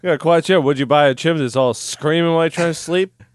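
A man's voice: on the high side, fast talker, clean tone. A man on a casual podcast, tossing in wisecracks and dry jokes. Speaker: podcast co-host. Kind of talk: casual banter.

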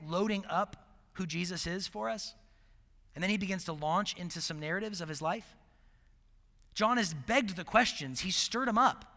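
A man preaching a sermon in a conversational, animated way, swinging between loud emphasis and hushed asides. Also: sits high, big-room sound.

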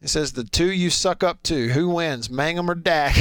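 A chatty radio host, a man whose voice sits fairly high and sounds smooth and clear. He reads texts and teases callers with playful energy, close to a dry studio mic. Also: measured pace, a bit bright, no echo. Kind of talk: casual radio talk, reading listener texts.

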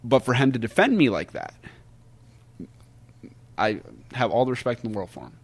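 A man's voice: mid-range voice, normal speed, gravelly, breathy edge. Man telling stories casually. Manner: animated storyteller who acts out quotes. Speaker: guest wrestler. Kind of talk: casual podcast storytelling.

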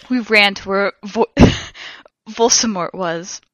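A woman co-hosting a comedy podcast, reading fan fiction aloud in a theatrical way and shouting out the characters' lines. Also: medium pitch, extremely slow, no echo. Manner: reads with big theatrical shouts for the characters, breaks into laughter.

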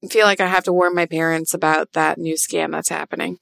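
A woman co-hosting a tabletop game podcast in casual chat, animated and joking, swearing freely. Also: deep voice, fairly quick, gravelly, smooth, dry recording. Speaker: podcast player and co-host.

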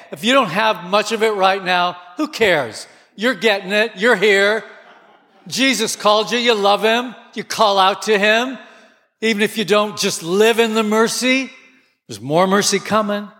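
Man preaching slow n high pitched, gets fired up, big echoey hall. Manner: passionate, rising to near shouts. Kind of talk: sermon. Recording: long hall reverb.

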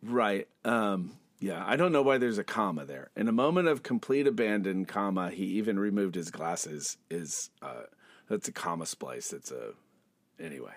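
A man's voice: lowish voice, lively intonation, normal speed, no echo. A man co-hosting a casual podcast, reading comic panels aloud and making pedantic asides about punctuation, laughing often. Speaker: podcast co-host.

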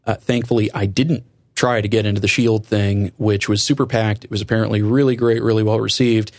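A man with a somewhat low voice hosts a casual podcast. He talks in a relaxed, chatty way and drops in wry asides. The recording is close and dry, with no room sound. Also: fairly quick, no room sound. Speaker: podcast host.

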